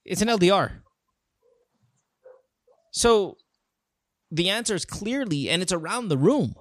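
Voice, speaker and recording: A man's voice: high voice, animated, unhurried, no echo, clean studio sound. A man hosting a casual advice chat, blunt and profane, joking as he talks. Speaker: podcast host.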